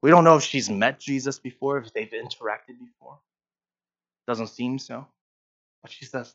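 A man in his forties preaching a sermon, repeating his lines and swinging from hushed to emphatic. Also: mid-range voice, moderate pace, long pauses, highs cut off. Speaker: pastor.

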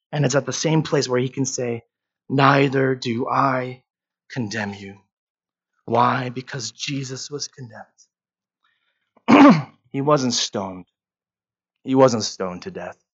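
A man in his forties preaching a sermon, repeating his lines and swinging from hushed to emphatic. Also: mid-range voice, breathy edge, lo-fi sound. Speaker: pastor.

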